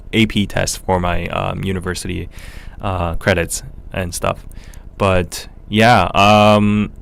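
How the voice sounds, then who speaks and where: This podcast host, a young Korean man with a North American accent, has a low voice with vocal fry. He chats casually during a livestream Q&A, relaxed and filler-heavy with frequent ums, and his voice sounds clean.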